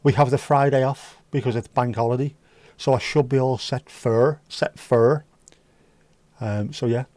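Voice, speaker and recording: A man's voice: medium pitch, fairly even intonation, unhurried, a little mellow, no room sound. A man hosting a casual livestream, chatting with viewers in sweary, joking banter. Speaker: livestream host reading chat. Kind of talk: casual chat.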